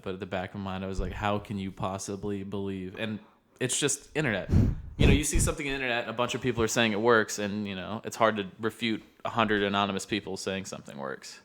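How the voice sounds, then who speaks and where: Podcast co-host, young man, lowish voice, earnest and explanatory, casual chat. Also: a bit bright. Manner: earnest, explanatory, laughs easily. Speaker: podcast co-host, behavioral therapist.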